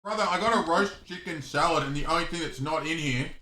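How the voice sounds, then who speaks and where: A man's voice: on the high side, quick pace, sharp tone. A man joining a stream, teasing and swearing freely in casual chat, heard in an echoey room. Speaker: guest on a stream.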